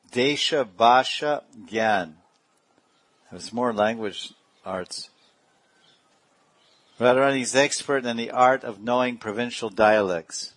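A man with a lowish voice gives a meandering devotional talk, often breaking into small chuckles. He is recorded close and dry, with no room sound around him. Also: no echo. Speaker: spiritual teacher. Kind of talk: devotional discourse.

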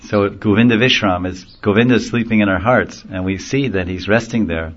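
A man teaching a devotional sermon in a gentle storytelling manner, chuckling now and then at his own jokes. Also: fairly low pitch, a little fast. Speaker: spiritual teacher. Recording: dull lo-fi recording.

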